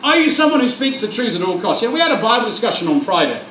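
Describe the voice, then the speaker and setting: A man preaching a sermon, his pitch high and swooping as he acts out dialogue and jokes with the congregation. His voice rings through a roomy church hall, picked up from a little way off the mic, with faint room ambience behind him. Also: quick pace, recorded from a distance, a little hiss or hum. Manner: animated, joking, acts out dialogue. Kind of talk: lively sermon with storytelling.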